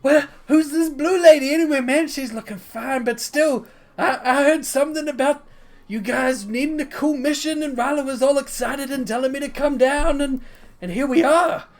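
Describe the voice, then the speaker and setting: A woman voicing a boisterous, excitable male adventurer who rambles in slang and shouts his greetings. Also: sits high, moderate pace, pitched above the performer's own voice, close to an everyday voice. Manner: loud, rambling, slangy and overexcited.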